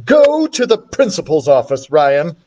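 A strict schoolteacher who snaps orders at her class, as a man puts her on. The voice is raised and sharp with lively pitch, read aloud from a children's book. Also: measured pace, highs cut off. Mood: stern. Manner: sharp, demanding. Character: stern female schoolteacher.

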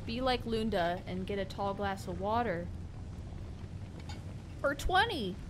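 A woman streaming a video game, chatting casually with her viewers and reacting excitedly to the fight. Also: mid-range voice, slow pace, background noise. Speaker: gaming streamer. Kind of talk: casual live gameplay commentary.

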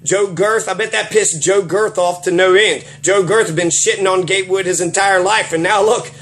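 High-voiced, profane man ranting. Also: fairly even intonation, normal speed, a bit bright. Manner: profane, indignant, many filler words. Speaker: political commentator. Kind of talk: casual political rant.

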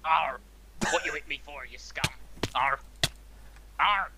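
Man doing a gruff pirate voice, growling arrs, rough bossy captain, noisy chat line. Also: medium pitch, fairly even intonation, quick pace, close to an everyday voice. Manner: growling "arr" pirate talk.

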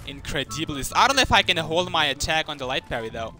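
Excitable trash-talking young gamer guy. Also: fairly high pitch, fast talker. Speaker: gaming YouTuber. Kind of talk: casual gameplay commentary. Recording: game music behind. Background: game music.

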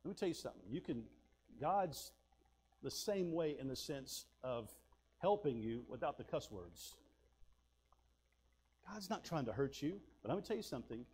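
A man preaching a sermon, telling folksy personal stories and swinging between loud bursts and hushed asides. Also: medium pitch, big pitch swings, normal speed, pauses often. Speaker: pastor.

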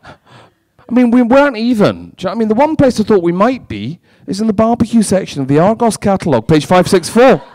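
Male stand-up, fairly high voice, dry close sound, brash and sweary with the crowd. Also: very animated, warm tone, no echo. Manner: brash, sweary, quick banter with the audience. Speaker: stand-up comedian. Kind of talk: stand-up comedy with crowd work. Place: live comedy venue.

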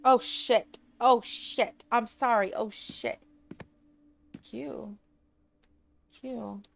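Slow-talking woman streamer, chatty and apologetic. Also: fairly high pitch, steady tone, gravelly. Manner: chatty, apologetic, swears and laughs often. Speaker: streamer playing a horror game. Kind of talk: casual gameplay commentary.

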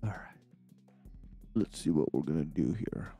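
A man chatting with friends over a game, his voice jumping up and down in lively swings as he jokes around. He talks casually into a desk mic with faint game music behind him. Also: a bass voice, normal speed, slightly rough. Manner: playful, jokey, swings between loud and quiet. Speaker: gaming friend. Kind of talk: casual gaming chat.

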